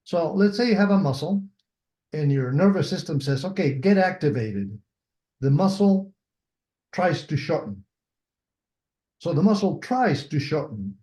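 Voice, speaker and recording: Older man giving a mellow lecture. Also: a little high, lively intonation, a little slow, long pauses. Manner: explanatory, repeats points, acts out examples. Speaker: biomechanics lecturer. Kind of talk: online lecture. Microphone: video call.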